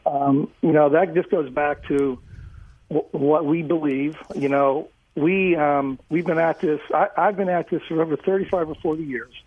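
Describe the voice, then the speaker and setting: A man's voice: a little high, fairly even intonation, moderate pace, slightly rough, no echo. A man in his sixties, a food company founder, talking earnestly as an interview guest with many fillers. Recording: dry tinny phone-like line.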